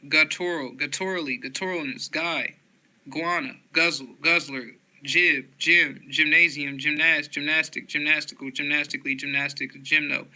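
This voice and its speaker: A man reading dictionary entries aloud, slowly and flatly, one word after another. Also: fairly high pitch, poor audio. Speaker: dictionary reader.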